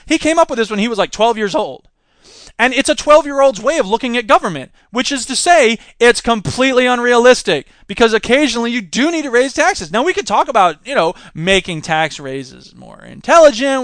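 Male podcast host, high lively voice, ranting commentary, dry close sound. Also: a little fast, no echo. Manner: animated ranting, mocking voices for quotes. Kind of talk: political commentary.

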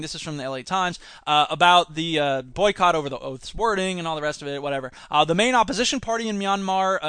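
A man hosts his own podcast, reading the news aloud and breaking off into sarcastic jokes and mocking voices. His voice sits high and bright. The sound is dry and close to the mic. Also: smooth, dry recording. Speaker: podcast host. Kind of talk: solo podcast commentary on news.

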